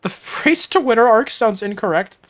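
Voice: medium pitch, expressive, normal speed, fairly bright tone. A streamer chatting casually through a let's-play, joking with chat and laughing often.

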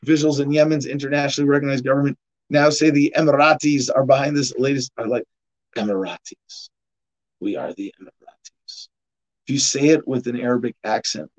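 A man's voice: mid-range voice, highs cut off. Sardonic male podcast host. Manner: sardonic, riffing on headlines with laughs and restarts. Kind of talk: casual news commentary.

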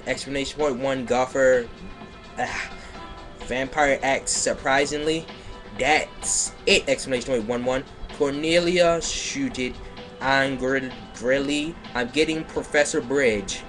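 Slow deadpan man reading fan fiction. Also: mid-range voice. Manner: deadpan reading, breaks character to mock the text, laughs. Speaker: comedic reader. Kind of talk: comedic dramatic reading of bad fan fiction. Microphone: home microphone on a livestream.

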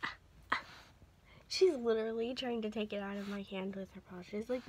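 A woman vlogging at home, half-whispering so she won't wake people and switching to a high sing-song voice when talking to her dog. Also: fairly even intonation, a little fast, pauses often, slightly rough. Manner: often half-whispering to keep quiet. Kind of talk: casual home vlog talking to her pets. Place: home indoors.

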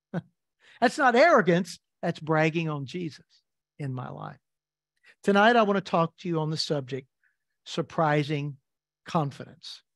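A middle-aged male pastor preaching a midweek sermon, reading scripture slowly and deliberately with lively asides. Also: high-pitched, dry recording, clean studio sound. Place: church sanctuary.

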